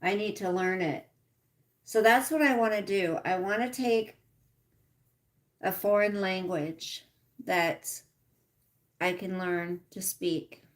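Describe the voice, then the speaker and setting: A middle-aged woman hosts a relaxed live chat, answering her viewers one by one. She speaks at an unhurried pace, reading out their comments as they arrive. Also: mid-range voice, a little hiss or hum. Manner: chatty, reads out viewer comments. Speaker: livestream host.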